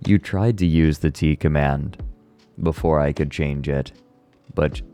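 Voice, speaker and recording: A man casually chatting with viewers on a livestream, laid-back, a little hoarse, swearing now and then. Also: rumbling low. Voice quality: slightly hoarse relaxed voice.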